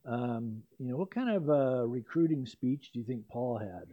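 A man's voice: mid-range voice, expressive, moderate pace. An older man preaching an expository sermon as pastor, in a conversational way with asides and self-corrections. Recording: dull lo-fi recording.

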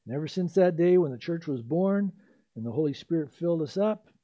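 A man preaching a sermon, telling the story in a lively way with playful asides. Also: on the high side, fairly quick, lo-fi sound.

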